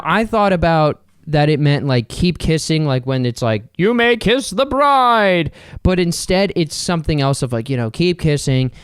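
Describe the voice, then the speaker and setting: A man's voice: sits high, clear, resonant tone, dry recording, studio quality. A man hosting a solo podcast, chatting casually and jokingly with lots of asides. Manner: rambling, joking, full of fillers and asides. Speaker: podcast host.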